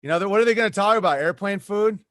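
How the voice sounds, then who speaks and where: A man's voice: sits high, very fast, fairly bright tone, no room sound, studio quality. A man who is a comedian, talking as a podcast guest and ranting in a rambling way with lots of asides. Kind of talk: animated podcast conversation.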